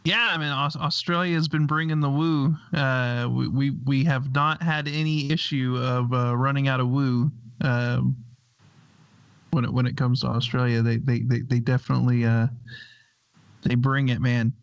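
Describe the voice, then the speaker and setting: Brief: male co-host, halting casual delivery with lots of restarts, muffled lo-fi sound. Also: medium pitch, little pitch movement, no echo. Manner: hesitant, stammers and restarts often. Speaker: co-host of a paranormal livestream. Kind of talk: casual livestream chat. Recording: dull, dry lo-fi audio.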